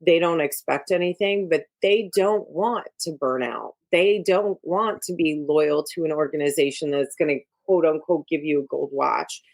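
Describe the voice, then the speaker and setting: A woman's voice: low-pitched, normal speed, few pauses, darkish tone. A middle-aged woman, an executive coach, talking frankly and emphatically as a guest in a casual interview. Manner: frank and emphatic, giving advice.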